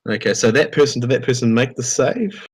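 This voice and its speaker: A man's voice: mid-range voice, lively intonation, fairly quick, slightly rough, no room sound, low-quality recording. A man at home running a tabletop game online as game master, chatty and full of fillers. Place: home room.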